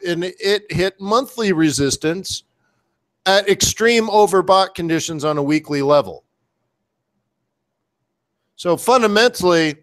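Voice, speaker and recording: A man coaching forex trading in live commentary, excitable and full of playful slang. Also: high voice. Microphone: webcam setup.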